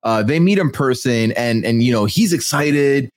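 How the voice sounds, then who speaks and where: Lively-pitched man recapping, dry sound. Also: no room sound. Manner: measured, reflective, summarizing. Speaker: podcast host. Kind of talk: casual recap chat.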